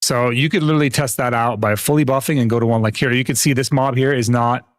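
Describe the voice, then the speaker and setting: A young streamer chats casually as he plays a game live, laughing often between explanations. His middle-pitched voice moves quickly with fairly even intonation, and the recording is dry and close with no room sound.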